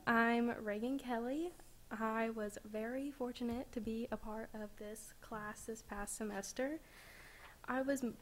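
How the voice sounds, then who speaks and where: A sixteen-year-old girl giving an emotional speech at a school board meeting, fighting back tears. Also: fairly high pitch. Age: teens. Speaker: student speaker.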